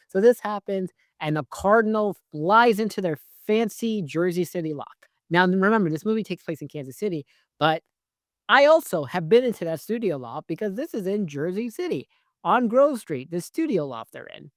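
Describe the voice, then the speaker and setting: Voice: mid-range voice, dry recording, clean studio sound. Rambling, profane casual movie reviewer. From based in New York. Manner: rambling, profane, full of "like" and "whatever" asides. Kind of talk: casual spoiler-filled film review.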